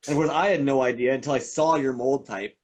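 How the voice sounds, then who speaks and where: A male host of a live stream Q&A, speaking with a medium-pitched voice. He is talkative and enthusiastic, meandering through his thoughts in a relaxed chat. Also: fast talker.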